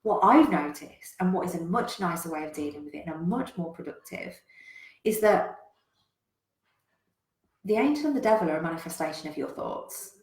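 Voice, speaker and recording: A woman business coach, giving a frank, animated motivational talk to a live chat and swearing freely. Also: lowish voice, normal speed, pauses often. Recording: roomy echo.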